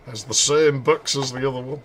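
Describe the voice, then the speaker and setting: A man's voice: medium pitch, fairly even intonation, a little fast, a bit bright, a little hiss or hum. A man giving joking, rambling commentary while playing a game. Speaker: streamer. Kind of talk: casual gameplay commentary.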